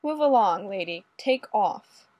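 A woman's voice: medium pitch, lively intonation, measured pace, darkish tone, no echo. A woman reading the lines of a brash, snappy male police detective. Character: brash street-smart male cop, blunt.

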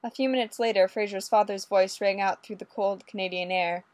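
A woman narrating a story aloud in a lively, expressive way. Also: mid-range voice, fairly quick, no echo. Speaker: audiobook reader.

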